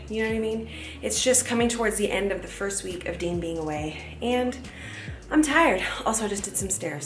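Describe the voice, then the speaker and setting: Chatty candid mom vlogger. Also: female voice, medium pitch, a bit bright. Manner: candid, chatty, lots of "like" fillers. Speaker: vlogger and mother. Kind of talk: casual family vlog chat.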